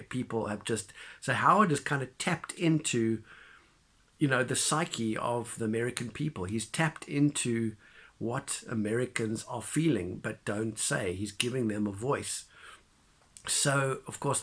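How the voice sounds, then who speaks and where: A man giving a casual spoken film review, retelling the plot in an animated way with many fillers and restarts. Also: medium pitch.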